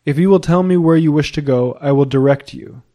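A man reading the part of a quick, spirited young lady with brisk, impatient replies, lifting his voice a little higher. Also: mellow. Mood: polite.

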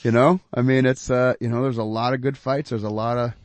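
A man co-hosting a casual podcast chat, steady and agreeable, often repeating his phrases. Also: medium pitch, fairly quick, no room sound. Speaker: podcast co-host.

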